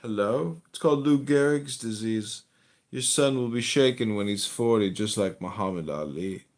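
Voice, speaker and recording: A man's voice: lowish voice, moderate pace. A man hosting a podcast, trading crude, mocking and profane banter with a caller. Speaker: podcast host.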